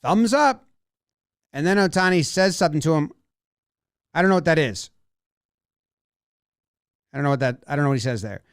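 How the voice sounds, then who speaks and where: A man giving an animated video breakdown of a baseball game, acting out what the players might be saying. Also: on the high side, fairly quick, long pauses, clean tone, no echo, studio quality. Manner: animated, acts out players' imagined lines.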